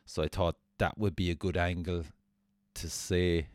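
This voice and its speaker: A man's voice: deep voice, little pitch movement, a little slow, no echo, clean studio sound. A man hosting a podcast, telling a rambling, self-mocking anecdote with plenty of swearing. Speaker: podcast host. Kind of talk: casual storytelling.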